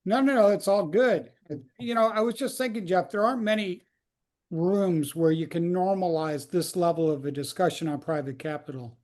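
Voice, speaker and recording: A man's voice: sits high, moderate pace, a little mellow. A man hosting an online roundtable, talking in a loose, chatty way with plenty of fillers. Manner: loose, chatty, lots of likes and ums. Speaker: host. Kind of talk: casual webinar talk.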